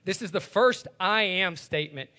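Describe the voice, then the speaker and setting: A man with a fairly high, bright, forceful voice walks his listeners through a Bible passage. He explains it casually, like everyday talk, and keeps checking in with a quick "right?". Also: expressive. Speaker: Bible teacher. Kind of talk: conversational Bible teaching.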